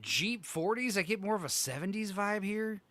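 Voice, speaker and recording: A man's voice: high-pitched, lively intonation, moderate pace, a bit bright. A man hosting a casual podcast chat, swearing freely and reacting offhand to what he's looking at. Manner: profane, offhand, reacting to logos. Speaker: podcast host.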